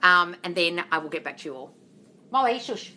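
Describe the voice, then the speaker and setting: A woman's voice: fairly low pitch, animated, brisk, pushed and bright. A woman coach on a phone livestream, blunt and swearing freely, calling her viewers darling as she reads their comments aloud and answers them. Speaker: manifestation coach. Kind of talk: livestream Q&A chat.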